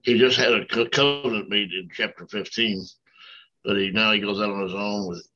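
Deep forceful guy answering in bible class, kinda hesitant, dull lo-fi sound. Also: normal speed. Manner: hesitant, many uh fillers. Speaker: student in class.

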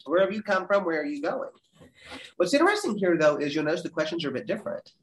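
Animated man teaching Bible class. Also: quick pace, a little hiss or hum. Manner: animated, dramatic scripture reading with big pitch leaps. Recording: roomy echo.

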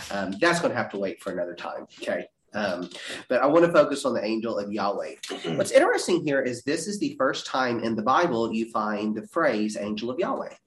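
A man teaching a Bible class, reading verses aloud with dramatic leaps in pitch. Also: fairly bright tone. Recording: roomy echo.

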